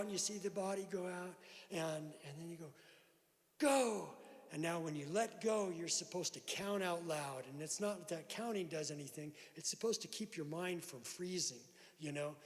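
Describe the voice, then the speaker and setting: Man, storytelling at a meeting, slightly high voice, echoing hall. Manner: animated storyteller acting out voices. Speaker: recovery meeting speaker. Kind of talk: personal story told at a meeting. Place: church hall. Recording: long hall reverb.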